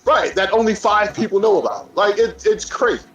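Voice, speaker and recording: A man's voice: high voice, fairly quick, lo-fi sound, soft background music. A man co-hosting a podcast, ranting emphatically in casual slang. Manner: opinionated, emphatic rant with slang. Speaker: podcast co-host.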